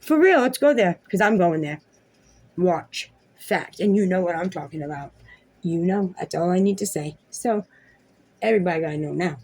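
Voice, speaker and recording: A woman's voice: on the low side, expressive, moderate pace, a little mellow, husky. A woman vlogger and mother ranting to the camera at home, heated and profane, confronting someone directly. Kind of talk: ranting video monologue.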